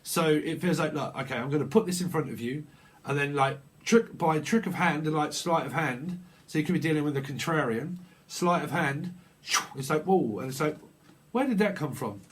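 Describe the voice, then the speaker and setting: A man gives a casual, rambling tarot reading as an intuitive monologue, repeating phrases and acting out little dialogues. His voice sits on the high side at a normal speed.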